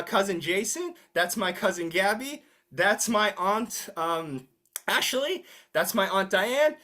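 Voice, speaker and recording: A teacher running an interactive online class, joking and asking the students questions. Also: medium pitch. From United States. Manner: lively, teasing, asks the class questions. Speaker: English teacher.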